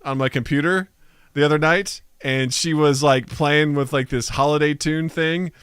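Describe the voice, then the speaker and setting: A man's voice: a little high, moderate pace, clean tone, dry recording, clean studio sound. A man in his thirties co-hosting a podcast, telling a story in casual chat and acting out the quotes. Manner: animated storytelling, acts out quotes. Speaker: podcast co-host.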